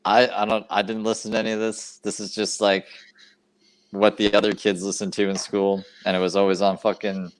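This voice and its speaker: Low-voiced joking Canadian co-host. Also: male voice, completely flat delivery, fairly quick, slight background noise. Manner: joking, crude, rambling. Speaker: streamer co-host. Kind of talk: casual chat.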